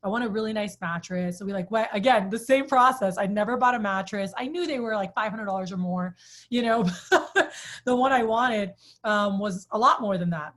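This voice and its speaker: A woman in her thirties, chatty and animated, telling a personal story to a group, with many "like"s. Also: medium pitch, moderate pace. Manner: chatty, animated, says "like" often. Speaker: sales trainer.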